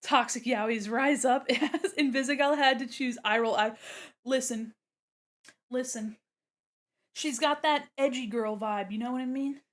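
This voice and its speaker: A woman's voice: sits high, a little slow. A woman streamer chatting casually while she draws. She is bubbly, greets her chat and exclaims often.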